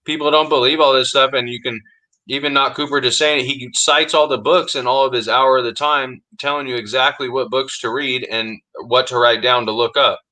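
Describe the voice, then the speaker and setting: Casting note: male podcast co-host, bright forceful tone, emphatic and insistent, casual slangy chat. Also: mid-range voice, fairly even intonation, fairly quick, rough recording. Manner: emphatic, insistent, says "dude" a lot.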